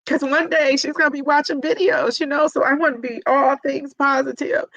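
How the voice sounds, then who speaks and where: Middle-aged woman on a livestream, teary and rambly, bright voice, dry close sound. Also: sits high, fairly even intonation, moderate pace, dry recording, dull audio. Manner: emotional, teary, many fillers. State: tearful. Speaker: vlogger reading live chat. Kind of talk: casual livestream chat.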